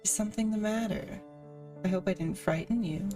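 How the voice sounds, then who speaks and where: A woman voicing a mysterious, quiet male stranger who greets politely in a game reading. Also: mid-range voice, brisk, recorded from a distance, soft background music, lightly acted. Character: mysterious quiet man with fiery eyes.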